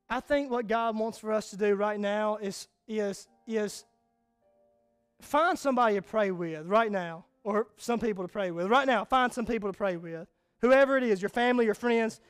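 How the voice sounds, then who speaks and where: A man's voice: sits high, clear, resonant tone. A man preaching a sermon as a pastor, telling a story earnestly and repeating words as he goes.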